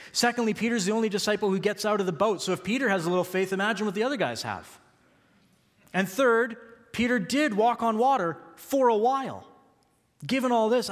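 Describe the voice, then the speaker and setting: A man's voice: sits high, a bit bright, in a large hall. A man preaching a sermon, earnest and building to emphatic peaks. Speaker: pastor.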